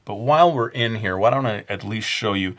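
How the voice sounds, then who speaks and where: A rather low-voiced man talks through a drawing tutorial in a chatty, rambling way. He fills the gaps with "uh" and "um" and pokes fun at himself. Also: fairly quick, fairly bright tone. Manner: chatty and self-mocking, jokingly putting on a bad accent; rambling, with many fillers. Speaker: drawing instructor. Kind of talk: casual drawing tutorial narration.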